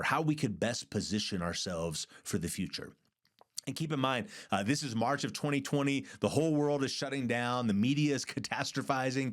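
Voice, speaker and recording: A middle-aged man hosting a podcast, telling a leadership story in an earnest, emphatic way and repeating words for stress. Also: medium pitch. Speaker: podcast host and church leader. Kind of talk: storytelling monologue.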